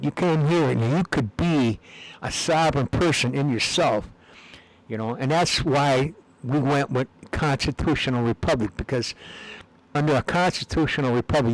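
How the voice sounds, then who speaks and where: Gravelly man rambling in a monologue. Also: mid-range voice, low-quality recording. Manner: meandering, repeats words, many fillers. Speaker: video blogger.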